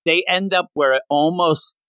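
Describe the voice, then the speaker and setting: A man hosting a casual manga podcast, retelling scenes in an animated way and slipping into quick character voices. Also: fairly high pitch, no echo. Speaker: podcast host.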